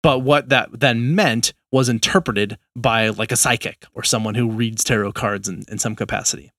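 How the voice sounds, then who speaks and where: A man in a casual podcast conversation, walking through examples in a measured, explanatory way. His voice sits in an ordinary middle register, recorded close and dry with no room sound. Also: mid-range voice, fairly even intonation, a bit bright, no room sound. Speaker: podcast co-host.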